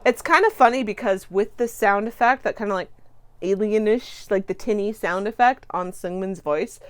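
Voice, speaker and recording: A woman hosting a reaction video, gushing and excitable, swearing freely and trailing off into fillers. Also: medium pitch, normal speed, faint music behind. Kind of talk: casual reaction commentary.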